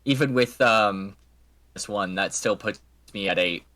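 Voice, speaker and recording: A man's voice: lowish voice, unhurried, sharp tone. A man playing a tabletop game over a call, jokey and upbeat, often stammering and restarting his words. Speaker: player.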